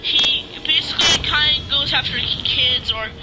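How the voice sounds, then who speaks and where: A man with a very high-pitched voice keeps a measured pace as he rants casually in his gaming vlog. He's a YouTuber who rambles, restarts a lot, leans on fillers, and swears occasionally; a noisy hum sits in the background.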